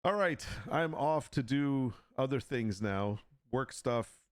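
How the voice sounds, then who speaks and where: A man of middle pitch with a very lively, swooping voice, recorded close and dry with no room sound. He chats casually to his stream audience, laughing a lot and teasing with mock sales pitches. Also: slow pace, clean tone, no echo. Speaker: livestream host and digital artist. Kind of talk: casual live stream chat.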